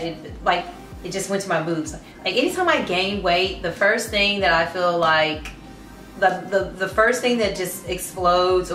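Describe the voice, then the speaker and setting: A woman's voice: lowish voice, a bit bright, far from the mic. A woman giving a casual fitness vlog to camera, chatty and often restarting her sentences. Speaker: fitness vlogger. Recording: roomy sound from off-mic with light music.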